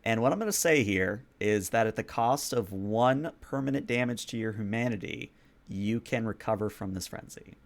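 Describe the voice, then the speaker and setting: Man, game master, lowish voice, casual scene narration, tabletop role-play. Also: moderate pace. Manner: loose, conversational scene-setting with fillers.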